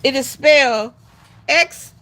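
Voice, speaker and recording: A woman's voice: high voice, slow pace, bright, forceful tone, a little hiss or hum. A woman hosting a casual livestream, chatting with her viewers and calling them y'all. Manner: sing-song coaxing to her dog. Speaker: livestream host.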